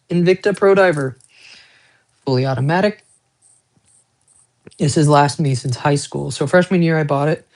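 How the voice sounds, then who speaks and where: A man who collects watches, talking casually on a live stream in a rambling, profane, self-mocking way, with chatty asides to viewers. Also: a little high.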